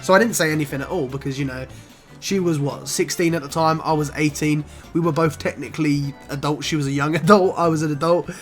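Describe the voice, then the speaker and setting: A man's voice: fairly high pitch, fast talker, faint music behind. A young man, telling a casual, expletive-laden story for his vlog. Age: 20s. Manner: animated, swears often, says "bro" a lot. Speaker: vlogger.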